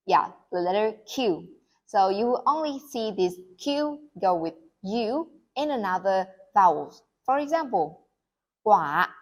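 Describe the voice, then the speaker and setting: Slow, patient Vietnamese-accented woman tutor. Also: mid-range voice. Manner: repeats each sound slowly and invites the listener to say it along. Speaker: language tutor. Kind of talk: slow, clear pronunciation lesson.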